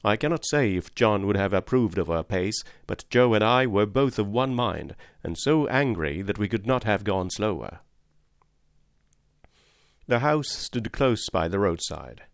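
A man narrating an audiobook in a steady, measured storytelling manner. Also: fairly low pitch, creaky, dry recording, clean studio sound. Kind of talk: scripted narration.

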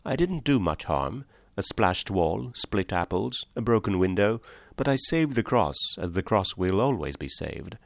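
A man's voice: fairly low pitch, very animated, measured pace, vocal fry, dry recording, clean studio sound, heavily acted. A man voicing a small, mild country priest in an audiobook, speaking simply and apologetically. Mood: calmly firm.

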